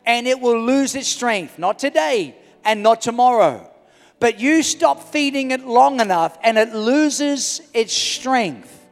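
A middle-aged male pastor preaching a sermon in a large church hall, swinging from loud to hushed. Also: very high voice, animated, takes it slowly. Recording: reverberant church hall with music.

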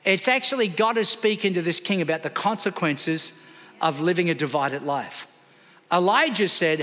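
A man's voice: high voice, animated, moderate pace, sharp tone. A man preaching a sermon in church, calling out to the congregation for responses. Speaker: pastor. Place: church hall. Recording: long hall reverb.

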